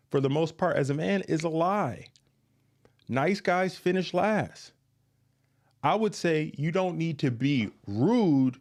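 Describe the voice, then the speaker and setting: A man's voice: fairly high pitch, darkish tone. A man hosting a podcast, giving blunt, emphatic dating advice straight to listeners and repeating his points. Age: adult, past his youth. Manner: emphatic, repetitive, blunt and frank. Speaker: podcast host. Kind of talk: direct-to-listener advice monologue.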